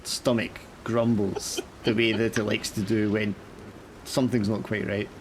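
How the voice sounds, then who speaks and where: A man's voice: lowish voice, little pitch movement, unhurried, slight background noise. A man narrating a tabletop horror game as game master, casual and full of fillers.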